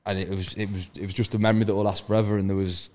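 Talking very fast in a fairly low, somewhat mellow voice with flat delivery, this event organiser guests on a relaxed podcast. His road-trip tales are brash and heavy with profanity.

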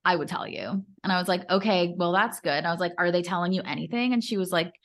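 Animated woman telling a story. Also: lowish voice. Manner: animated storyteller, quick, acts out quotes with laughs. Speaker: podcast co-host. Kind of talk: casual chat.

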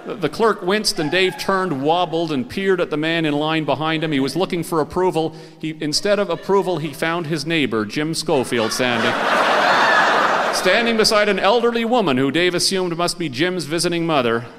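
A man telling a comic story live on a concert stage, animated and playful and acting out the characters. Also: a little high, normal speed, a crowd in the background. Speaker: storyteller and radio host. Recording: live concert recording with hall reverb.

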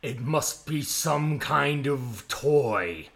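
A man voicing a huge, angry male stone giant in a storybook reading, with a gravelly, slow growl. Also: medium pitch, lively intonation, fairly bright tone, exaggerated voice. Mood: menacing growl.

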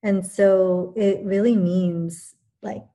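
A woman who teaches yoga, talking thoughtfully in a relaxed conversation, pausing and restarting as she works through her points. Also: mid-range voice. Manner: thoughtful, many restarts and fillers. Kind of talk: reflective conversational talk.

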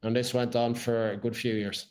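A man's voice: medium pitch, flat delivery, moderate pace, darkish tone. An Irish man, a podcast guest, telling his life story in casual chat, blunt and swearing freely.

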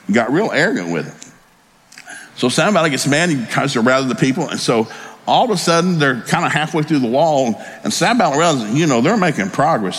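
A pastor preaching a sermon in a folksy, storytelling way with joking asides. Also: male voice, mid-range voice, big pitch swings, brisk, a bit bright, husky.

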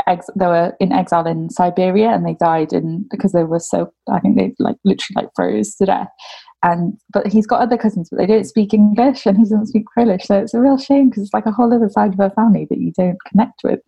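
A woman's voice: medium pitch, vocal fry, warm tone. A young woman talking casually about her family, rambling with lots of "like" fillers. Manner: rambling, heavy use of "like" fillers. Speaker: interviewee. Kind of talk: casual conversation.

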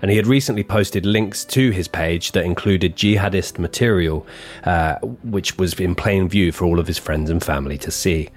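A man's voice: sits low, normal speed, faint music behind. A man co-hosting a true-crime podcast, reading his script with offhand asides and banter. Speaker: podcast co-host.

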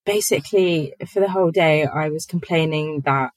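A woman's voice: deep voice, moderate pace, no room sound, rough recording. A woman, a podcast guest chatting casually, giggly and full of fillers.

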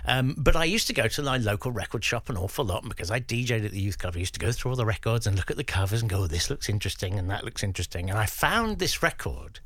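Animated English man recalling his past. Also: fairly low pitch, fast, hardly any pauses, no echo. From England. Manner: animated storyteller who acts out quoted voices. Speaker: guest DJ. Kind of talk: radio interview, reminiscing.

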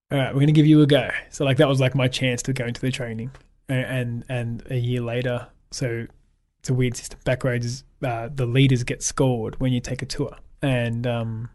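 A man's voice: medium pitch, darkish tone. A young Australian man telling upbeat stories in a casual interview and acting out what people said to him. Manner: upbeat storyteller, acts out quoted dialogue, laughs often. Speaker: guest.

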